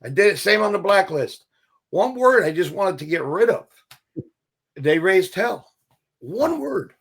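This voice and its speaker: Here the actor guest, a middle-aged man, speaks in a high-pitched, slightly rough voice at a measured pace. He recounts stories casually in an interview, animated and swearing freely, voicing the people he quotes.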